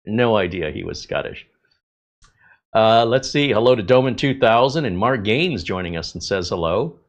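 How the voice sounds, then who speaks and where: A man hosting a live tech channel stream, greeting viewers in a relaxed, chatty way with many filler pauses. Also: fairly low pitch, dull audio.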